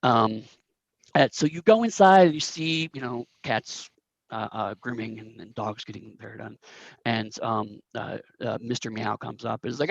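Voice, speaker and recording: A man's voice: mid-range voice, normal speed, vocal fry, no room sound, muffled recording. A man narrating a tabletop game as game master, rambling with many fillers and restarts.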